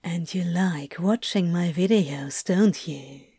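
A woman voicing a sly male demon, speaking in a hushed, hissing, drawling whisper as a whispered role-play. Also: on the low side, fairly even intonation, slow, slightly rough, no room sound, studio quality, pitched below the performer's own voice. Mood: seductive.

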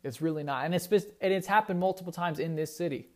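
Male sports ranter, high voice, heated and indignant, repeats points. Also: fast, a little mellow. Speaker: sports commentator. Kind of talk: opinionated sports talk monologue.

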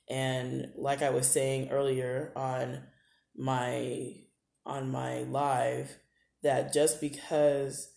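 Female podcast host, low warm voice, roomy echo, earnest and fired up. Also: vocal fry. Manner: impassioned, rising into rhetorical questions. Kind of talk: live podcast monologue. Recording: echoey room.

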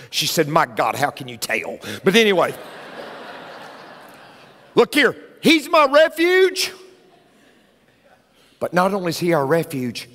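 Excitable man preaching, lively high voice. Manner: excitable, swings from quiet asides to loud shouting. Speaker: pastor. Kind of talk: sermon. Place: large church sanctuary. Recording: church hall with long reverb.

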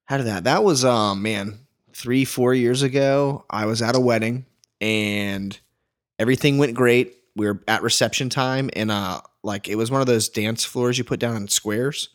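A man co-hosting a casual podcast, his voice sitting at an ordinary middle pitch. He tells wedding-job stories animatedly, with plenty of "like" thrown in. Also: normal speed. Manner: animated storytelling, frequent "like". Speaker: wedding photographer and podcast co-host.

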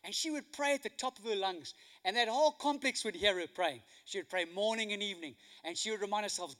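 Male preacher, very high and forceful voice, animated storytelling sermon. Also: fast, few pauses. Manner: animated storytelling, swings from hushed to loud.

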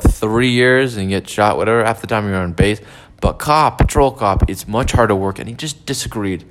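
A man in a casual, meandering monologue, swearing often and trailing off into fillers and restarts. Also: lowish voice.

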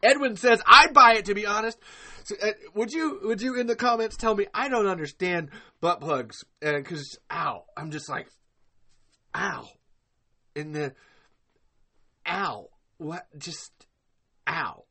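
A man's voice: high-pitched, lively intonation, slow pace, pauses often, sharp tone, husky. A man hosting a live podcast in casual chat, rambling and profane, laughing often. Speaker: podcast host.

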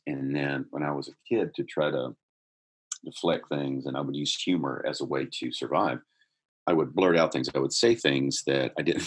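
A middle-aged man with a husky voice, earnestly telling a personal story in conversation, growing more animated as he goes. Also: very deep voice. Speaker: guest telling his life story.

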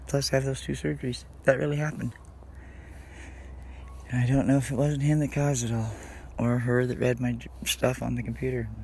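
A man's voice: mid-range voice, little pitch movement, a little fast, gravelly, darkish tone, a little hiss or hum. A man hosting his own podcast, talking in a rambling, scattered, confessional way in a casual monologue. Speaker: podcast host. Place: friend's house in the country.

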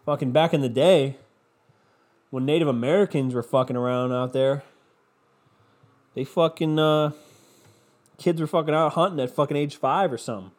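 A man's voice: fairly high pitch, normal speed, pauses often. A man ranting in a sarcastic, profane, rambling comedic monologue as a podcast host. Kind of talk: comedic rant.

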